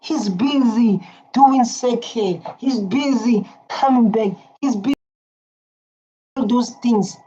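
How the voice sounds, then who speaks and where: A woman giving casual, animated reaction commentary on a video, repeating herself and teasing what she sees. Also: a little high, takes it slowly. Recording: dull lo-fi sound.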